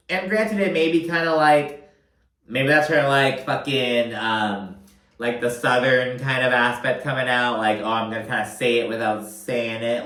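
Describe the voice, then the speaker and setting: A man's voice: medium pitch, bright, forceful tone, reverberant. A young man hosting a casual reality TV recap, rambling with lots of fillers and frequent swearing. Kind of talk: casual profane commentary.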